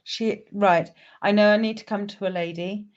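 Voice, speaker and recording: A woman's voice: medium pitch, steady tone, normal speed, lo-fi sound. A woman, a psychic medium, chatting on a live stream and greeting viewers by name.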